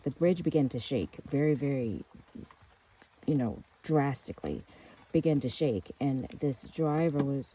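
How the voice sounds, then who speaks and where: A woman's voice: very deep voice, dark tone, muffled recording. An American woman telling an earnest, rambling personal story with restarts. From United States. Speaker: speaker giving a testimony.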